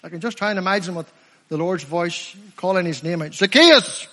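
A middle-aged man with a Northern Irish accent preaching an evangelistic sermon, fervent and emphatic, slowing down to stress key phrases. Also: high-pitched, fairly even intonation, fairly bright tone. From Northern Ireland. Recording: echoey hall, long reverb.

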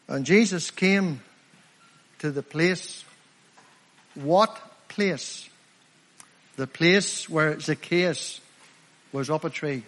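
A middle-aged Northern Irish preacher delivers an evangelistic sermon with fervor, his voice high for a man and fairly bright. He hammers key phrases, slowing down to draw them out for emphasis, while a large hall's long reverb rings around him.

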